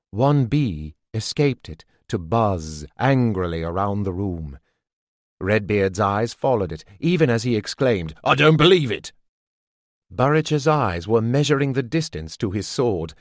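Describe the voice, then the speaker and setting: A man reading a fantasy audiobook as scripted narration, in a measured, deliberate way. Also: medium pitch, no echo, clean studio sound.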